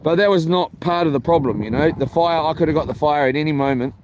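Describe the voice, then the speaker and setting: A man's voice: on the high side, fast talker, a little hiss or hum. A man telling a meandering story for his camping vlog, full of ums and restarts. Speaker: vlogger. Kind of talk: rambling casual storytelling. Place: camping, near a boat on water.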